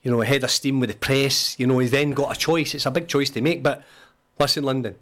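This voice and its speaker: A man's voice: medium pitch, fairly quick, fairly bright tone. A Scottish man, a former footballer, co-hosting a sports radio chat, joking and laughing as he banters with a guest. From Scotland.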